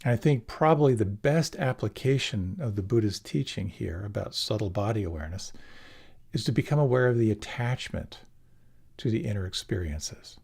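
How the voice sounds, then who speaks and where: A man giving a relaxed, reflective meditation talk, often letting his phrases trail off softly. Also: lowish voice, moderate pace, vocal fry, husky. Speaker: meditation teacher. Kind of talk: dharma talk.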